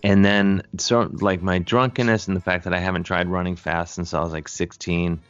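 A man's voice: low-pitched, level tone, moderate pace, lo-fi sound, faint music behind. Rambling man telling a story. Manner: rambling, many fillers and restarts, acts out voices. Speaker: storyteller guest. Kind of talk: casual anecdote.

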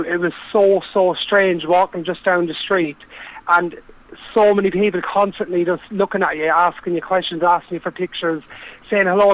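A man's voice: high voice, dull audio. An Irish man talking earnestly in a casual interview, rambling with lots of fillers. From Ireland. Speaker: guest.

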